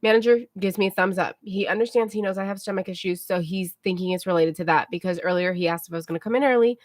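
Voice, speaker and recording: A woman livestreamer telling a story to her viewers in a casual, animated way, often checking in with them. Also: on the low side, fast talker, no room sound, clean studio sound. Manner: chatty, animated retelling, keeps checking in with "okay?".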